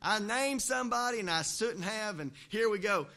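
A man's voice: high-pitched, animated, normal speed, sharp tone. A male pastor, preaching a sermon in a folksy, conversational way with joking asides in a church. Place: church, also livestreamed.

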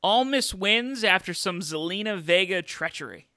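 Bright, gravelly man talking wrestling. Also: high voice, expressive, normal speed, no echo. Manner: chatty, with many fillers and restarts. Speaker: podcast host. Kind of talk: casual wrestling talk.

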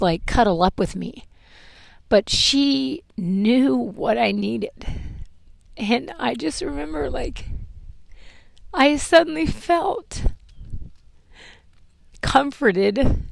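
A woman hosting a podcast, telling a painful personal story in a halting, emotional way with many fillers. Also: mid-range voice, vocal fry, dry recording. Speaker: podcast host telling her life story.

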